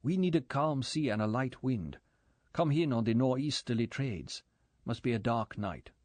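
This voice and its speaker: A man's voice: mid-range voice, animated, moderate pace, a little mellow, no room sound, lightly acted. A male narrator voicing a worried, reluctant Cayman Islander boatman with a Caymanian accent and plain-spoken dialect.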